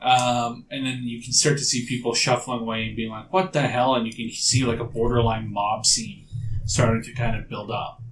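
A man running a tabletop game as game master, narrating in a casual, relaxed way. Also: medium pitch, moderate pace, slight background noise, rough recording.

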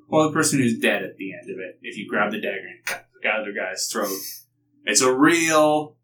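Man, game master, rambling casual narration, bright tone, distant mic, faint background hiss. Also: on the low side, animated, normal speed. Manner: loose, rambling with many fillers.

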